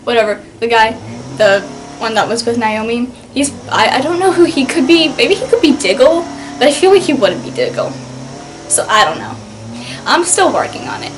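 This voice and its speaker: Woman doing a casual book review vlog, kinda high voice, says like a lot, laughs easy, little bit of hiss. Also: very animated. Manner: chatty, full of "like" and quick laughs.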